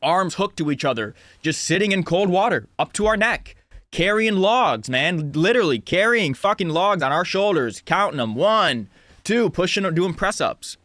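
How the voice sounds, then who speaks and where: A man's voice: sits high, lively intonation, moderate pace, fairly bright tone, no echo, studio quality. Blunt young man, casual talk. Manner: blunt, frequent swearing, many "you know"s. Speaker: self-help talker. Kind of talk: casual storytelling monologue.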